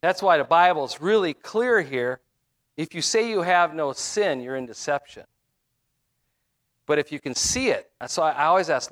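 A middle-aged male minister delivering a sermon in a loose, conversational way. His voice sits somewhat high for a man, and he often repeats himself and trails into fillers before finding the next thought. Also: moderate pace, a bit bright. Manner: conversational, repetitive, with frequent fillers and restarts.

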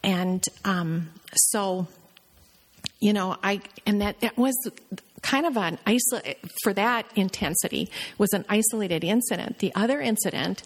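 A middle-aged woman telling a church a personal testimony, halting and full of restarts. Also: medium pitch. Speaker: church member sharing a testimony. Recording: long reverb of a church hall.

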